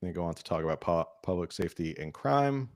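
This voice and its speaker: A deep-voiced man speaks in an animated, quick way, captured as a dry, studio-quality recording. He hosts a casual political talk show, conversationally reading news articles aloud with his own asides and filler hums.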